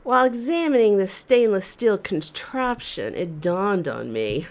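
Woman telling her own story, slow and really expressive, voice jumps all over. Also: medium pitch. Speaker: storyteller host. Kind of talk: personal storytelling.

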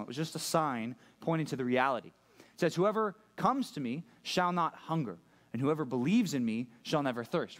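A man preaching a sermon as pastor, conversational and joking, asking the room questions. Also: mid-range voice. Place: church room with a live audience.

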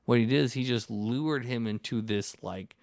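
A man's voice: medium pitch, moderate pace, darkish tone, no room sound, studio quality. A man hosting a casual podcast conversation, talking in long rambling stretches with many restarts and acting out the people in his stories. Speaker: podcast host.

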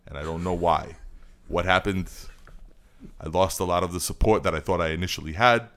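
A pompous, self-pitying older senator, as a man puts him on for laughs. He talks in an earnest, mock-serious way, and his voice sits very low. The delivery is steady and overly grave. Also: brisk. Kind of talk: comedic impression.

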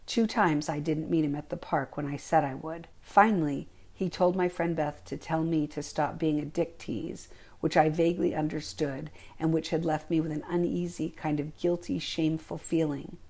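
Low, flat-voiced woman reading a memoir. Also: moderate pace. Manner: calm, reflective first-person narration. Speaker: memoir author reading her own work.

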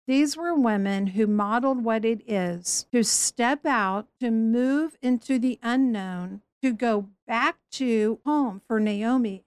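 Woman giving a bible talk, kinda high voice, animated, does little voices for quotes. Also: clean tone, no echo. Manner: lively, acts out quoted voices. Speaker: Bible teacher.

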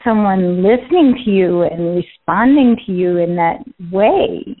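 A woman host interviewing a guest, asking measured, unhurried questions. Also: mid-range voice, animated. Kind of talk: conversational interview. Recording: tinny phone line.

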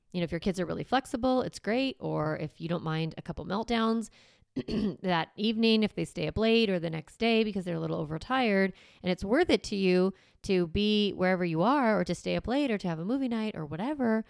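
Gravelly-voiced woman giving parenting advice. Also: on the low side, no room sound, clean studio sound. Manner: conversational, acts out what parents say to kids. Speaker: parenting coach. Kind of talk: casual advice talk.

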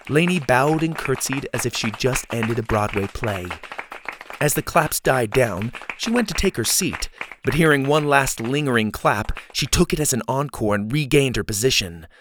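A man narrating a children's story in an expressive, lively reading. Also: mid-range voice, moderate pace, crowd noise, background noise.

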